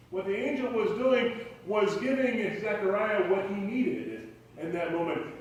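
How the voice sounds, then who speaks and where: A man's voice: sits high, slight background noise. A man preaching a conversational sermon as pastor, rambling and full of fillers and restarts. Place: church sanctuary. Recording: very echoey hall, voice far from mic.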